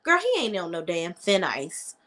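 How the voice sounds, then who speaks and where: A woman's voice: on the low side, wildly swooping pitch, moderate pace, fairly bright tone. A woman recapping a TV episode in a casual, sassy, blunt way, acting out what the characters say. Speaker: TV recap commentator.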